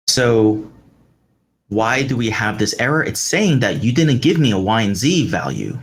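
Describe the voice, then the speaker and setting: A man teaching a live coding tutorial, explaining step by step with fillers like "um" and "right" as he works. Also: on the low side. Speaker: instructor. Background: keyboard typing.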